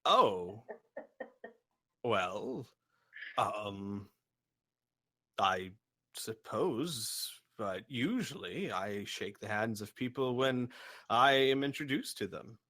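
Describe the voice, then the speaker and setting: A man voicing a jolly blue giant with a booming but pleasant, polite voice. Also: lively intonation, extremely slow, long pauses, sharp tone, exaggerated voice. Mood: courteous.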